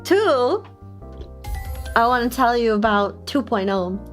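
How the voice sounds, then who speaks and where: Giggly high-voiced woman streamer. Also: takes it slowly. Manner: giggly and excitable, often breaking into high laughs. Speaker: VTuber streamer. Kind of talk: casual live-stream chat. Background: faint background music.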